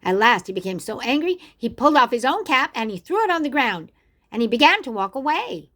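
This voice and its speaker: An older woman reading a picture book aloud to children, expressively, and pausing to ask the listener questions. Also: on the high side, very animated, sharp tone. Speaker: storyteller.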